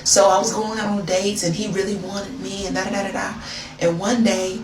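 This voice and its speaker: A woman's voice: medium pitch, normal speed, crowd noise. An American woman telling a chatty confession story straight to her viewers, talking to them like a friend. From United States. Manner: chatty, animated, addresses listener as girl. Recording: roomy, distant, noisy phone video.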